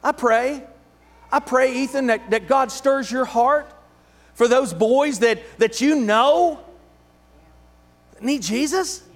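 A man preaches in a strikingly high voice, fervent and building to shouts, with joking asides between points. His sermon rings through a church hall with a long, trailing reverb. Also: slow pace, pauses often. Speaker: pastor. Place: church sanctuary.

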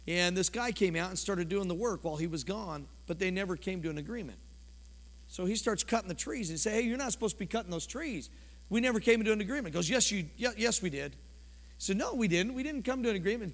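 A pastor preaching a sermon in a church, his delivery impassioned and swinging from loud to quiet. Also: high voice. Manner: impassioned preaching, rising and falling sharply. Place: church sanctuary. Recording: long church reverb.

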